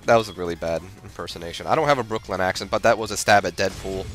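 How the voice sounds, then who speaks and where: A man's voice: sits low, racing, hardly any pauses, fairly bright tone, faint music behind. A man giving rambling, self-deprecating gameplay commentary, full of fillers and restarts. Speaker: gamer.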